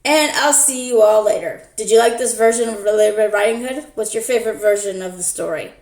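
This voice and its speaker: A woman's voice: medium pitch, a little mellow. A woman telling a story in a playful, casual way and hosting her own channel. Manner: slow, playful narration. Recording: echoey room.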